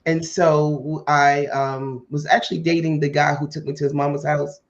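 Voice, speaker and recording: A woman hosting a podcast tells a personal story in a casual way and acts out the dialogue with lively voices. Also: low-pitched, normal speed. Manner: animated, acts out quoted dialogue. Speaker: podcast host. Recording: muffled lo-fi audio.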